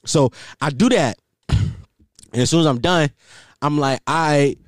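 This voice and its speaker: A man's voice: on the high side, measured pace, no room sound, studio quality. A man hosting his podcast alone, telling a crude story in casual slang and laughing along the way. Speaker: podcast host.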